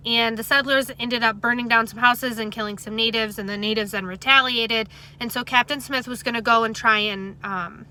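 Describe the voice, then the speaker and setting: A woman reading a novel aloud in a plain, steady, conversational way. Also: a little high, poor audio. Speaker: reader.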